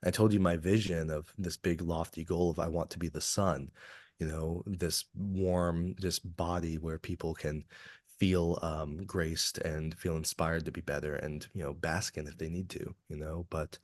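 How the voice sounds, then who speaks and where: Deep and level-toned, this man from Kentucky, USA, keeps a measured pace while being interviewed on a podcast. The executive coach sounds earnest, reflective, and open about his feelings, captured at studio quality without room sound.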